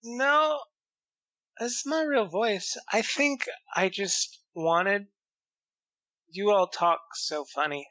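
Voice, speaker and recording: A man's voice: high-pitched, flat delivery, a little slow, pauses often, fairly bright tone, pitched above the performer's own voice. A man voicing a tipsy male adventurer, putting on a wavering, slurred accent.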